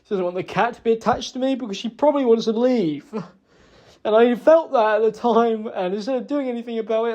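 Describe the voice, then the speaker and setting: A man making a halting, remorseful apology in a private recording, with many pauses and restarts. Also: extremely high pitch, noisy background. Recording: dull lo-fi recording.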